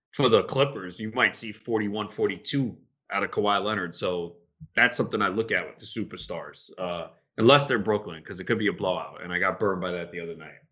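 A man hosting a sports betting podcast, talking in an opinionated, rambling way that gets animated when he's riled up. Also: fairly low pitch. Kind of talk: casual podcast talk.

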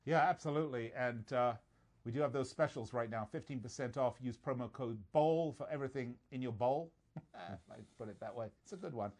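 A man's voice: medium pitch, a little mellow. A man hosting a sports betting podcast, reading stats and teasing his co-host in casual chat. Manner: joking, reads stats quickly.

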